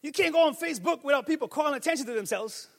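A man with a very high, sharp, bright voice preaching to his congregation. He moves from quiet musing to fervent, shouted declarations. The sound carries a long reverb from the church hall. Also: animated, racing, creaky. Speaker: pastor. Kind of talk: sermon. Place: church sanctuary.

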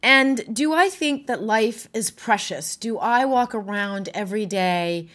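A woman's voice: fairly high pitch, expressive, a little slow, fairly bright tone. A widow speaking candidly and emotionally about her life, laughing often and swearing now and then. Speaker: widow sharing her story. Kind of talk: candid personal talk.

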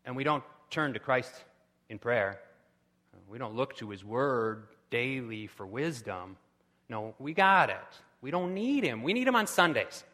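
A man preaching a sermon with impassioned delivery, rising to loud pleading cries. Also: medium pitch, big pitch swings, unhurried, big-room sound. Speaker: pastor.

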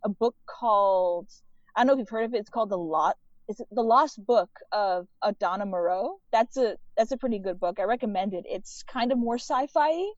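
A woman guest on a podcast, a writer and filmmaker, talks fairly quickly at a medium pitch, laughing often and saying "like" again and again in casual chat. There's no room sound, and the audio is dry, dull and muffled.

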